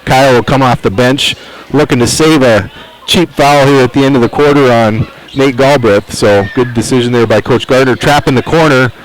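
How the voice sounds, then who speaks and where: A man's voice: mid-range voice, rough recording. Midwestern man calling basketball. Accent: Midwestern American. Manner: brisk, calls each play as it happens. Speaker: play-by-play announcer. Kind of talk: live basketball commentary. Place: high school gym at an armory.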